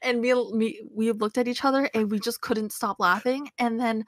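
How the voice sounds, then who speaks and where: A young Canadian woman chatting casually with friends, an animated storyteller who swears freely. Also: a little high, normal speed, no room sound, studio quality. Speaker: podcast co-host. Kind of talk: casual chat among friends.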